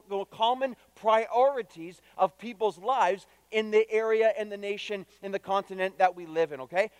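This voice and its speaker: A man's voice: high-pitched, clear, resonant tone, no room sound, big-room sound. A man preaching a sermon to his congregation, emphatic, repeating key phrases and putting direct questions to his listeners. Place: church.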